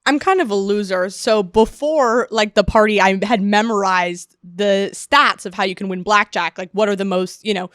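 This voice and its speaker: A woman's voice: mid-range voice, moderate pace, hardly any pauses, a bit bright, no echo, studio quality. A young woman, a podcast guest, chatting in a self-deprecating way and often laughing while she talks. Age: young adult. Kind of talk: casual chat. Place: podcast studio.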